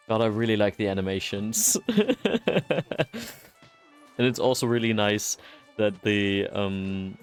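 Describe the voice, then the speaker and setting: A man's voice: on the low side, flat delivery, measured pace, pauses often, clean tone, faint music behind. A man streaming a game, chatting casually, easily delighted and cursing now and then. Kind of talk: casual gameplay commentary.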